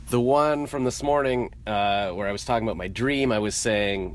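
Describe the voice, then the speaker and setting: A man's voice: lowish voice, normal speed, slight background noise. A man chatting casually into his phone for a vlog, rambling and poking fun at himself as he goes about his day. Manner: rambling, self-deprecating. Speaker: vlogger. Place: out and about in a city.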